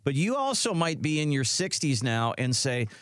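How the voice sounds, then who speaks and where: A man's voice: mid-range voice, very animated, normal speed, fairly bright tone, clean tone, dry recording, clean studio sound. A man co-hosting a radio show, conversationally putting listeners' questions to the advisor.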